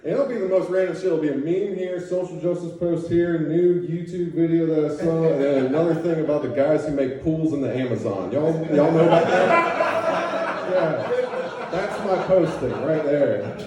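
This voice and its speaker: A man's voice: a little high, normal speed, heavy background noise. A man doing a stand-up comedy set, talking loosely and crudely, often tossing "okay?" at the crowd. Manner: loose, crude, conversational with frequent "okay?" asides. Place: comedy club stage. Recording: roomy club sound from a distance, crowd reacting. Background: audience laughter.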